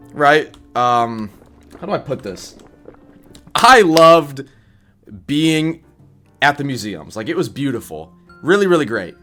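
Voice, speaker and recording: A young gaming YouTuber with a congested, scratchy voice talks in a mid-range pitch. He is blunt and profane, ranting casually before walking through a game build. Soft guitar music plays faintly behind him.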